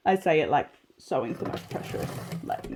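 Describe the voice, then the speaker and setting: This is an Australian woman filming herself sewing at home, chatting to her viewers as she goes. Her voice sits fairly low but is very lively in pitch, bouncing up and down as she talks. She is chatty and quick to poke fun at herself. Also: slight background noise. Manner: chatty, self-deprecating, talks to herself while working. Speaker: sewing vlogger. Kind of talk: casual sew-along chat.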